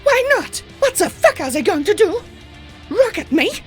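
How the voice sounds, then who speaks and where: A man voicing an aggressive, foul-mouthed pegasus mare in an audiobook, yelling and profane. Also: very high-pitched, sing-song, normal speed, soft background music, pitched above the performer's own voice. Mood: furious. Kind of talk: audiobook character voice.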